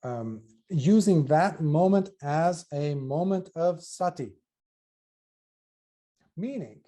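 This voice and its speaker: A man with a fairly high, very lively voice gives a dharma talk as a Buddhist monk teacher. His tone is warm and mellow, and he speaks earnestly. He sometimes restarts a phrase while he searches for the right words. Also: slow pace, long pauses. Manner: animated, earnest, acts out quoted voices.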